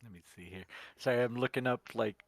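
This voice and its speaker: A man playing a tabletop game in a relaxed, laid-back way. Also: mid-range voice, fast, creaky, a little hiss or hum. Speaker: player. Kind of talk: casual tabletop play. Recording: dry close audio.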